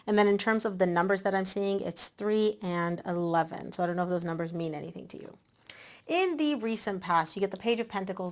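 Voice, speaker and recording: A woman host giving a casual tarot reading, chatty and animated, a bit out of breath. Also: medium pitch. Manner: chatty, animated, with many "like" and "um" fillers. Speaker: tarot reader.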